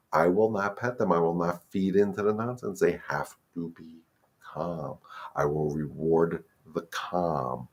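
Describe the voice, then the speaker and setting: Low-voiced man giving calm dog training advice. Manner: conversational, repeats key points, calm and steady. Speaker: head dog trainer hosting a live Q&A. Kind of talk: casual live-stream advice. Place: home with a terrace.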